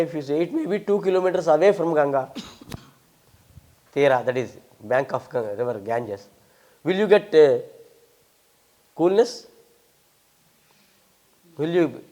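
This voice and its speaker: A man's voice: a little high, warm tone. Older Indian man, emphatic scholar. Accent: Indian English. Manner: emphatic, lecturing, with wry humour. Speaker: visiting Sanskrit scholar. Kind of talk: answering audience questions.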